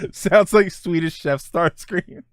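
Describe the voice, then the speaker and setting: A man's voice: sits high, a bit bright, no echo, clean studio sound. A man in his forties hosting a casual livestream chat, rambling and enthusiastic, laughing often. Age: 40s. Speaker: streamer and host.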